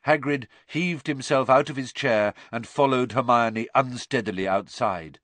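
A man narrating an audiobook with expressive storytelling, voicing every character himself. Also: medium pitch, a little slow, dry recording.

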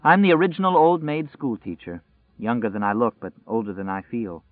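A man reading a wistful, guarded woman schoolteacher in her late thirties, speaking softly in a restrained way. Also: mid-range voice, lively intonation, a little fast, dry recording, close to an everyday voice. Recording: dry, tinny phone-like sound.

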